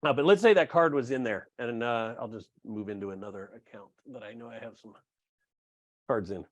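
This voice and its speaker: A man giving a casual live software demo on a video call, talking with many fillers and restarts. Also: mid-range voice, brisk, lo-fi sound. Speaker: webinar presenter.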